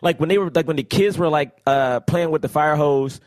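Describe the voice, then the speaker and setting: A man co-hosting a podcast, rambling through his points in casual chat. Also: a little high. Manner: fast, rambling, full of fillers and restarts. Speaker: podcast co-host.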